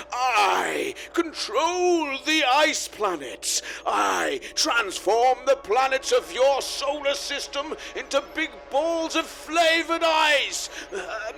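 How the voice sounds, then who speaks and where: A man voicing a gloating ice villain from a children's TV show, with shouted, grandiose threats. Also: extremely high pitch, creaky, full character voice.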